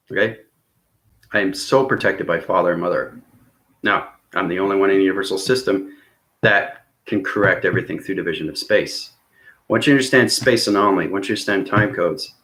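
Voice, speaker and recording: A man's voice: fairly low pitch, fairly bright tone. A man vlogging in a rambling, intense monologue, often checking in with his viewers by asking "okay?" and "right?". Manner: intense and earnest. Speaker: spiritual vlogger.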